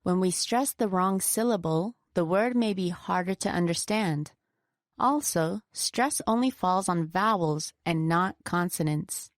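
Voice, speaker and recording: A woman co-presenting a scripted pronunciation lesson, slowing down to stress example words with care. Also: lowish voice, no room sound, studio quality. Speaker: pronunciation teacher.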